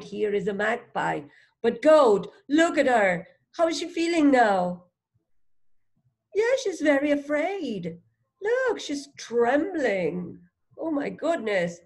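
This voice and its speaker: A woman leads a phonics read-along for a young child, sounding out each letter with patience. She speaks very slowly and deliberately and keeps her pitch in an everyday middle range. Her tone stays gently encouraging as she prompts the child. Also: gravelly. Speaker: reading teacher.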